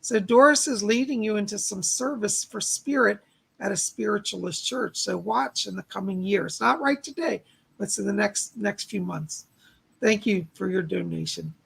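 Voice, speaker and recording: Hoarse gravelly male psychic medium. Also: high voice, normal speed, a bit bright. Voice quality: gravelly, husky voice. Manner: relays spirit messages, thanks donors by name. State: losing his voice, clearing his throat. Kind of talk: live-stream reading.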